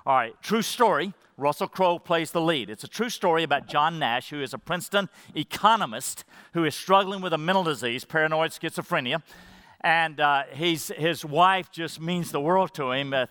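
A middle-aged man preaching a sermon as pastor, earnest and heartfelt, often dropping to a soft, quiet voice when moved. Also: fairly high pitch, smooth, in a large hall.

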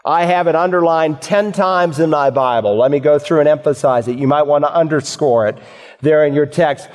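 A man delivers an earnest, emphatic sermon, reading verses aloud and pressing rhetorical questions on the congregation. His voice sits a little high for a man. A long hall reverb trails behind every phrase. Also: a little mellow. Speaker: preacher.

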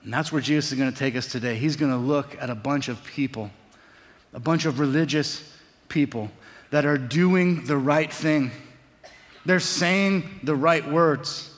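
A man in his forties preaching a sermon, an animated storyteller who also turns quiet and reflective. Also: a little high, measured pace. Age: 40s. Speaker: pastor. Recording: long hall reverb.

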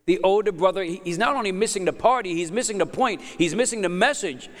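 A man's voice: high voice, fast talker, a bit bright. A middle-aged man preaching a sermon as pastor, emphatic and repeating words as he builds up. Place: church hall. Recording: long hall reverb.

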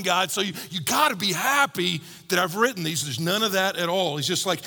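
A man preaching a sermon, telling a story with lively quoted voices and shifting from bold to hushed. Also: high-pitched, a little fast, creaky, hardly any pauses, in a large hall. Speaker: pastor.

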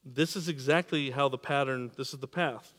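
A man preaching a sermon, repeating and restarting words, swinging between emphatic peaks and quiet drops. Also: medium pitch, normal speed, long reverb tail. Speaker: pastor.

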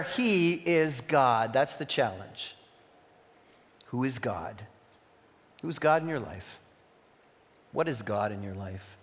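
A man preaching a sermon, reading scripture aloud with sudden loud emphatic peaks and quieter asides. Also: fairly high pitch. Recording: long reverb of a hall.

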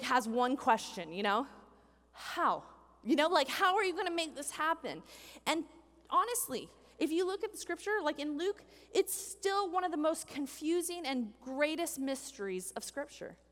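A high, animated woman preaches in a church hall, and the long hall reverb trails her words. She acts out the people in the story as she goes, and her pitch climbs and falls widely. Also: moderate pace. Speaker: pastor. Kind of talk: sermon.

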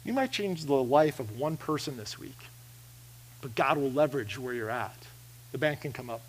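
A man's voice: mid-range voice, expressive, moderate pace, slight background noise. A man preaching a sermon in a church, earnest and conversational, often restarting his sentences as he roams the stage. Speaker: pastor. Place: church sanctuary.

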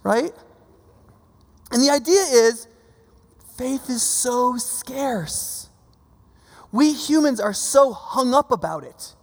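Gravelly man preaching in a reverberant hall. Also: extremely high pitch, animated, slow, long pauses. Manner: conversational, keeps checking in with listeners. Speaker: pastor. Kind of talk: sermon.

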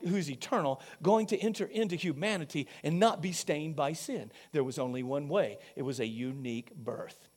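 A male pastor preaching a sermon, emphatic, asking the congregation questions and swinging between loud peaks and quiet low passages. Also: moderate pace, hardly any pauses.

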